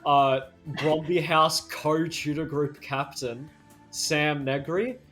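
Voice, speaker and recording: A man's voice: a little high, fairly even intonation, slow, a bit bright, faint music behind. A teenage boy co-hosting a podcast, upbeat and teasing in casual talk. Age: teens. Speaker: podcast co-host.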